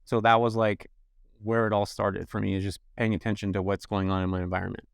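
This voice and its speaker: A man's voice: fast talker, creaky, no room sound, clean studio sound. A middle-aged man from California, a podcast guest telling his story casually and acting out the people he quotes. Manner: animated, acts out quoted people with raised pitch. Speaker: podcast guest, rental business owner.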